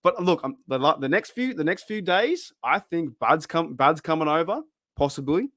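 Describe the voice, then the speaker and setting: Live-stream host, Australian man, slightly high voice, loose rambling delivery, dry close mic. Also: animated, normal speed, fairly bright tone, dry recording. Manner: rambling, laughs often, trails off and restarts. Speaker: fan channel host. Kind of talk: casual live-stream chat.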